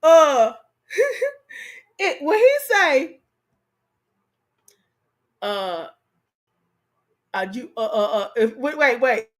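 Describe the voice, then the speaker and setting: Animated high-voiced woman hosting a live. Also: extremely slow, pauses often. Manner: animated, laughing, talks straight to viewers. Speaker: live stream host. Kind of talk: casual livestream chat.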